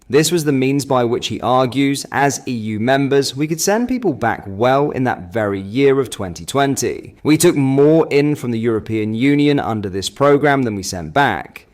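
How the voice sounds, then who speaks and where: A man reading scripted news narration in a brisk, emphatic way. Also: mid-range voice.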